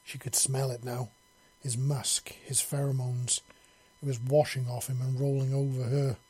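A man narrating an audiobook story in a steady storytelling manner. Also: mid-range voice, normal speed, husky.

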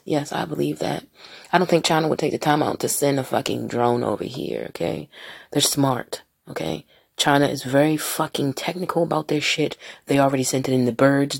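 Profane woman with a low, gravelly voice. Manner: profane, rambling, animated with mocking voices. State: partially high. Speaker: podcast host. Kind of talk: casual solo podcast rant.

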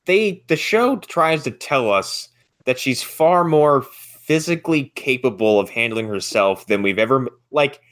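Male podcast co-host, mid pitch, rambling and profane, laughs through his own stories, dry close sound. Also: animated, unhurried, fairly bright tone, no echo. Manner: rambling, swears, acts out quotes with laughter. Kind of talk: casual chat.

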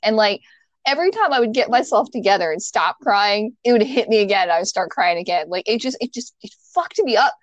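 A woman's voice: mid-range voice, lively intonation, fairly quick, no room sound. A young adult woman co-hosting a podcast, telling a story in casual chat with lots of fillers and the odd swear word. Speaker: podcast co-host.

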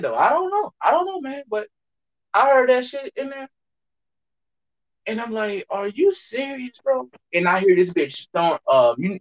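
A man's voice: high-pitched, rough recording. A young man telling a story in a casual podcast chat, full of slang and swearing, often mimicking other people's voices.

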